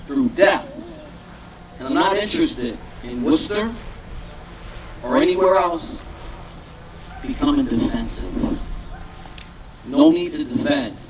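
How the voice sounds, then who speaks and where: A man's voice: a little high, expressive, measured pace, long pauses. A man giving a rousing rally speech outdoors, repeating lines and leading the crowd in a chant. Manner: rousing, repetitive, leads a call-and-response chant. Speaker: rally speaker, city councilor. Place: outdoor sports field rally. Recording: distant mic with crowd noise.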